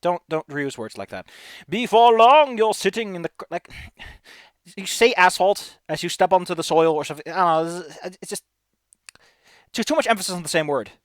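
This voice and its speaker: A man streaming a game, reading its narration aloud and chatting in a lively, self-mocking way. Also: on the high side, a little fast, pauses often, no echo, studio quality. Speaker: streamer playing a video game.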